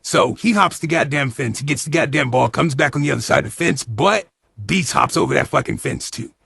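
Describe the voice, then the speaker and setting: Gravelly husky man doing a foul-mouthed movie recap. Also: fairly high pitch, expressive, fairly quick, fairly bright tone, no room sound, studio quality. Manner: heavy swearing, slangy retelling with acted-out quotes. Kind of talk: profane comedic movie recap.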